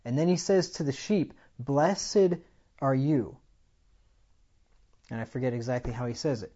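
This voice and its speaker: A man preaching a sermon with animated delivery, rising loud on key points and asking the congregation rhetorical questions. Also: mid-range voice, quick pace, muffled recording.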